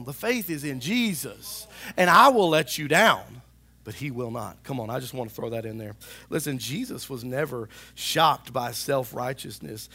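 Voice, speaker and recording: A male pastor preaching a sermon in a church, animated and talking to the congregation, now and then acting out voices. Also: medium pitch. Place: church sanctuary.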